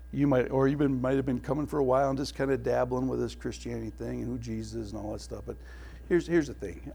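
A middle-aged male pastor giving a sermon, telling family stories with laughs and dropping to a hushed tone for prayer. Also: medium pitch, vocal fry, breathy edge.

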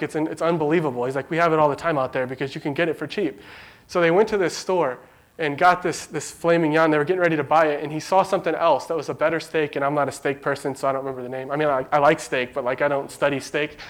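A man's voice: fairly high pitch, steady tone, quick pace. Chatty young man telling a story. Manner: chatty storytelling, many likes and rights. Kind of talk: informal devotional talk.

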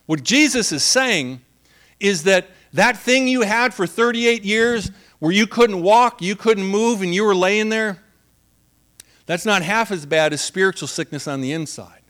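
Man, pastor, sermon, high-pitched, conversational, humorous, laughs often. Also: expressive, unhurried, fairly bright tone.

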